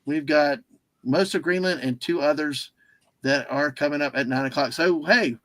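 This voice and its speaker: A man hosts a casual livestream in a rambling, easily distracted way. His voice is high and bright. The sound is dry and close. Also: normal speed, dry recording. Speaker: livestream host.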